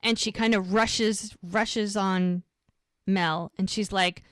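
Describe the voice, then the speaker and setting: A woman's voice: mid-range voice, steady tone, slow pace, no room sound, studio quality. A woman co-hosting a podcast, recapping a TV episode in detail in a casual way. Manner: retells scenes in detail, acting out quoted lines. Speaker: podcast co-host.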